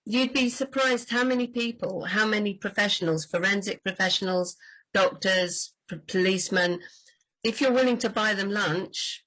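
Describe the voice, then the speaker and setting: A woman book doctor talking in a lively, chatty way on a livestream about writing crime fiction. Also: mid-range voice, moderate pace, low-quality recording.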